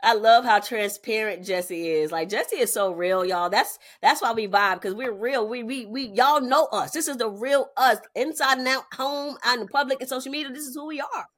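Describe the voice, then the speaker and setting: A woman's voice: fairly high pitch, moderate pace, few pauses. A woman in her thirties cohosting a podcast, telling family stories in casual chat with lots of laughter. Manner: animated storytelling, frequent laughter.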